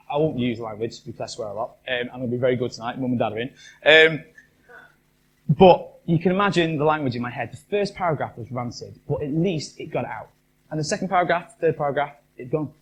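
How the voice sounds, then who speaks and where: A man's voice: mid-range voice, a little hiss or hum. A man giving a chatty live talk to an audience as a motivational speaker, often asking the room questions. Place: live event venue.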